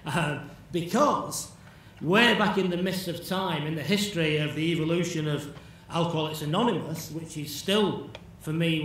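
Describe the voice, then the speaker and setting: A man gives a chatty conference lecture and acts out bits of dialogue. His voice sits slightly high. He is picked up from a distance in an echoey hall, with faint noise underneath. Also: a bit bright. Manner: conversational, checks in with "yeah?", acts out imagined dialogue.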